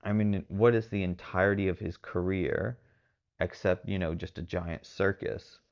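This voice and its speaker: Speaking with fairly even intonation at a moderate pace, this podcast host from Texas carries his solo show in a very low voice with a gravelly, fry-laden edge. He's rambling and casual, leaning on fillers to hedge all the time, and the sound is somewhat muffled and dull.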